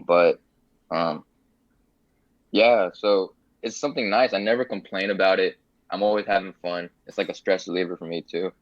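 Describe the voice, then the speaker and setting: A man as a podcast guest, talking in a relaxed, rambling casual chat full of fillers. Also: deep voice, normal speed, no echo, muffled recording.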